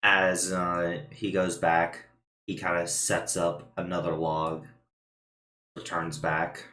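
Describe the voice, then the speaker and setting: A man runs a tabletop game, narrating in a slow, unhurried way with plenty of pauses. His voice sits fairly low and carries a roomy echo, with faint noise in the background. He drops in little sound effects as he tells the scene. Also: completely flat delivery, sharp tone. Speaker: game master.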